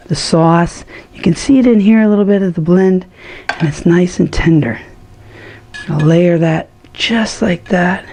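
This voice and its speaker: A woman's voice: lowish voice, dark tone, slight background noise. A woman hosting a home cooking show, chatting to viewers with enthusiasm as she cooks. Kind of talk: casual cooking demonstration.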